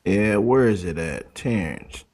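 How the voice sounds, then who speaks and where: Low-voiced guy hosting his own show, chatty and loose, talks to viewers like family. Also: animated, a little slow, darkish tone. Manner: loose, talkative, calls the audience family. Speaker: show host. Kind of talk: casual commentary.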